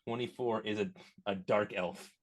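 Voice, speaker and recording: A man playing in a tabletop game, describing his character's actions in a halting, self-correcting way. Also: on the low side, fairly even intonation. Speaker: player. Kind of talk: casual tabletop play.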